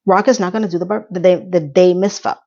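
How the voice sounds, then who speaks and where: A woman recapping a TV episode in a casual chat, talking in a lively way with quick asides and questions to her viewers. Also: fairly low pitch, highs cut off. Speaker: TV recap reviewer.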